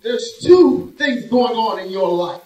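A man with a notably high, expressive voice delivers a dramatic sermon in a church, dropping to a hush before rising to loud, slowly drawn-out emphasis. He sounds distant from the mic, and his voice echoes around the room.

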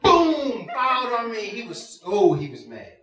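Male preacher, high and bright, animated storyteller, distant echoey church hall. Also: normal speed, muffled recording. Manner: animated storytelling, acts out voices, laughs often. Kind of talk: sermon with a personal story. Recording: roomy hall heard from afar.

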